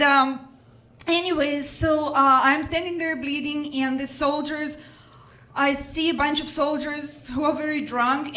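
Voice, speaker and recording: Woman storyteller, high voice, lively, laughing as she acts out other voices, roomy live stage sound.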